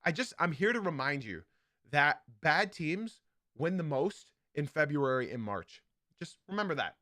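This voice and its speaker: A man's voice: a little high, pushed and bright, no echo, clean studio sound. A man hosting a live basketball podcast, talking emphatically and repeating his key points. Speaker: podcast host.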